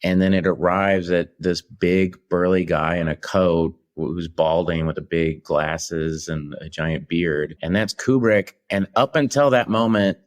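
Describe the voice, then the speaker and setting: A middle-aged man with a very low voice, a guest on a podcast. He tells his stories in an animated way, restarting his sentences and laughing as he goes. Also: unhurried, hardly any pauses. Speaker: actor guest. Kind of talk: podcast interview anecdote.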